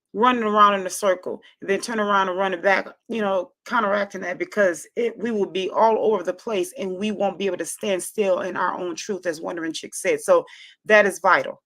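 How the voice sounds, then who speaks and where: Encouraging woman hosting a livestream. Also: mid-range voice. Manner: warm, affirming, repeats phrases, drawn-out reading of comments. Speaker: livestream host reading viewer comments. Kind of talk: casual livestream chat.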